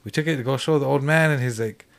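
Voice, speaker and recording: Fast-talking man telling a story. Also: mid-range voice, creaky. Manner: fast rambling with many "like" fillers. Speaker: podcast guest. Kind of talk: casual storytelling.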